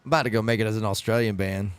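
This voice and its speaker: A man's voice: fairly low pitch, fairly even intonation, racing, clean tone. A man in a band chatting casually on a stream, teasing and playful, bossy when coaching. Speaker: band member co-hosting a stream chat. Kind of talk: casual chat.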